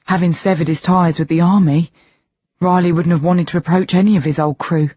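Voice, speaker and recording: An audiobook narrator reading a first-person novel in a steady storytelling manner. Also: medium pitch, brisk, husky, no echo. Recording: dull lo-fi recording, dry.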